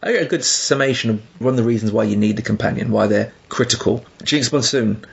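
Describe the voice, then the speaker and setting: Gravelly husky man co-hosting a podcast. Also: mid-range voice, fast, highs cut off. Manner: animated, emphatic, laughing asides. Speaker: podcast co-host. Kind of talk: casual discussion.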